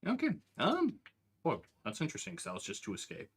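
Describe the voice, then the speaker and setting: A man's voice: mid-range voice, wildly swooping pitch, fast talker, slightly rough. A man narrating a tabletop game as game master, playful and teasing with his players.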